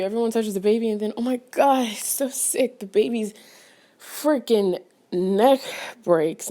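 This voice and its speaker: A woman with a mellow, soft-edged voice rambles through a casual film review for her vlog. She piles on fillers and restarts and breaks into sudden outraged exclamations. She paces back and forth while she talks. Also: medium pitch.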